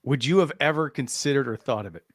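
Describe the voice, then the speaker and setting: A male host leads a relaxed post-game hockey chat in an ordinary mid-pitched voice. His sound is close and dry, with no room around it, and he keeps his questions short and friendly. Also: fast, no room sound. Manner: easygoing, laughs along, asks short questions. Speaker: host, interviewer.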